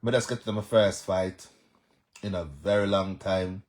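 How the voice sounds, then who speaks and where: A man's voice: deep voice, measured pace. A young man with a Jamaican accent, chatting casually on a live stream and answering viewers by name. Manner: animated, reads out viewer comments and answers them.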